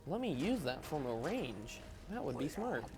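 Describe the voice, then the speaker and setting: A man's voice: fairly high pitch, very animated, normal speed, loud music behind the voice. A young adult man giving casual, rambling, self-deprecating gameplay commentary while tired and yawning. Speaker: gaming video host.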